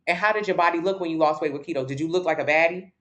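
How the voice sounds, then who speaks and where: A woman's voice: low-pitched, rapid-fire. A woman fitness coach answering viewer questions on a casual livestream, blunt and sassy, swearing casually and pushing her voice up for emphasis. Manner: lively, swings in loudness for emphasis.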